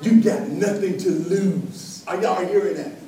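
A man preaching a sermon to a congregation, calling for responses and building to loud emphatic peaks. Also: sits high, steady tone, unhurried. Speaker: pastor. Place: church sanctuary. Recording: echoey church from far off.

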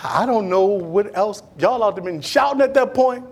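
Preaching to his flock, this pastor speaks at a moderate pace in a high-pitched voice. He's lively and homespun, alternating booming and quiet moments, with teasing remarks aimed at the congregation.

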